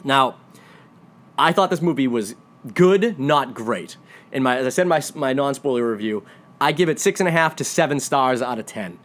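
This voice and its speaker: A man's voice: mid-range voice, expressive, moderate pace, a bit bright. A man giving a casual, rambling spoiler recap of a movie he reviews, talking enthusiastically with frequent restarts.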